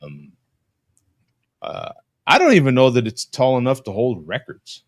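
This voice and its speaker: A man hosting a casual live-stream chat over a video call from his home, rambling with lots of halting restarts. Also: mid-range voice, huge pitch swings, no echo, clean studio sound. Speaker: podcast host. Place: home room.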